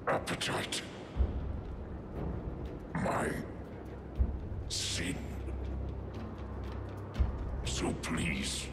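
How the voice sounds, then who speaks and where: An actor voicing an ominous male beast spirit who hungers for death, speaking in a slow, menacing, half-whispered rasp. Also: heavily acted. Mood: brooding. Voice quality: deep gravelly rasp.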